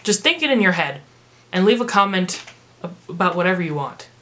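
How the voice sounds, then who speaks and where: Brief: American woman, slightly low voice, rambling casual music-review vlogger. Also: very animated, a little fast, a bit bright, slight background noise. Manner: rambling, filler-heavy chatter. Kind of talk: casual vlog commentary.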